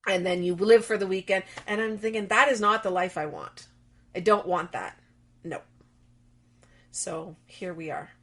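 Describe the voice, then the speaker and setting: A middle-aged woman, a guest on an interview, who tells lively stories and acts out the dialogue she quotes. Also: medium pitch, moderate pace, long pauses. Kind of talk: conversational interview.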